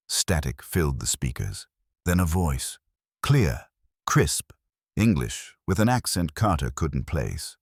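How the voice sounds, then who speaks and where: Very deep-voiced man narrating horror. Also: big pitch swings, slightly rough, no echo, studio quality. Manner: grave, measured storytelling.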